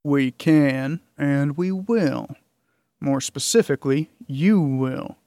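A man reading the lines of a grizzled older army captain who speaks in an even, cold tone. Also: a little high, slow pace, dry recording, studio quality.

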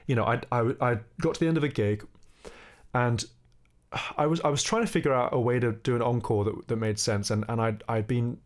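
Animated young man telling a story. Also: medium pitch, brisk. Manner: animated, sings snippets of melody while telling the story. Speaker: guest musician. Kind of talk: reflective conversational storytelling.

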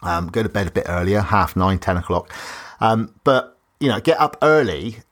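A man's voice: on the low side, lively intonation, normal speed, a bit bright. A man hosting a solo podcast, upbeat and rambling, laughing often between his thoughts. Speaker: podcast host.

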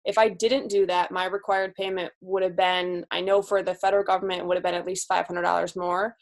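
Chatting candidly on a casual podcast, this newly minted physical therapist in her twenties has a rather low voice with an even tone. She talks freely, breaking into brief laughs.

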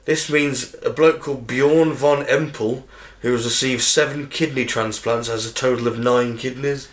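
A man's voice: medium pitch, fairly even intonation, normal speed, a bit bright. Man reading out facts. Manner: reads out facts, dry asides. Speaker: podcast co-host reading facts. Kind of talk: casual banter.

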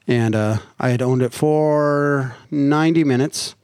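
A man's voice: medium pitch, unhurried, a little mellow, clean tone, dry recording, studio quality. A middle-aged man from Nevada, a podcast guest, telling a story in a crude, joking way with plenty of swearing. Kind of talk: casual chat.

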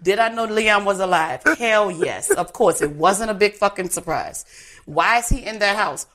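A woman's voice: mid-range voice, moderate pace, a bit bright. A woman comedian guesting on a podcast, brash and profane, ranting animatedly about movies. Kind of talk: casual interview chat.

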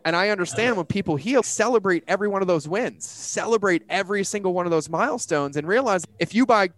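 A man talking as a business coach in a casual, animated way, full of slang and acted-out quotes. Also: sits high, fast, no room sound.

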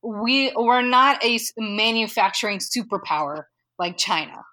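A woman's voice: on the high side, animated, a little slow, pushed and bright. A woman from California talking casually as a podcast guest, with frequent fillers and easy laughs. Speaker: data modeling guest.

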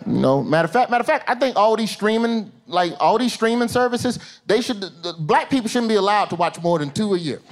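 A male stand-up comedian, performing an animated set that swings from low asides to high shouted bits on a theater stage. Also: quick pace, few pauses. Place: theater stage with a laughing audience. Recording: live show with loud crowd laughter and room noise.

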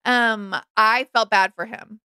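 A young adult woman co-hosting a podcast, talking through a reality show in a frank, animated, casual way. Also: a little high, takes it slowly, smooth, no echo. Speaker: podcast co-host. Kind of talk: casual recap chat.

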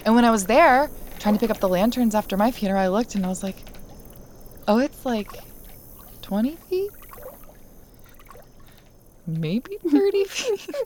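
A woman hosting a podcast, telling a personal story in a candid, animated way and laughing now and then. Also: fairly high pitch, a little slow, pauses often, a little hiss or hum. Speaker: podcast host. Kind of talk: casual storytelling chat.

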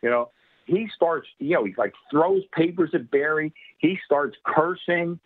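Casting: husky man, chatty storyteller, thin telephone-band sound. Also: fairly high pitch, measured pace. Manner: rambling, laughing often, many fillers. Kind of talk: casual anecdote telling. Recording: tinny phone-like radio line.

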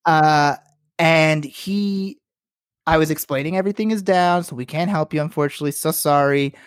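A man's voice: a little high, moderate pace, smooth, no room sound. Guy on a podcast ranting about his day at work, cursing a lot, doing voices, dry mic. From works in Los Angeles. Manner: animated, profane, acts out quotes. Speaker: podcast co-host. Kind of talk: casual storytelling chat.

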